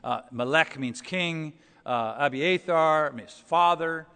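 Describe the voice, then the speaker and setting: A man's voice: a little high, slow pace, sharp tone, clear, resonant tone. Conversational male preacher in a reverberant hall. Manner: expository, conversational, rhetorical questions. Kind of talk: sermon.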